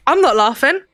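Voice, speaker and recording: A woman voicing a sharp-tongued, sassy female fairy with a soft Cockney accent, scolding in a tabletop game. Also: high voice, dry recording, full character voice.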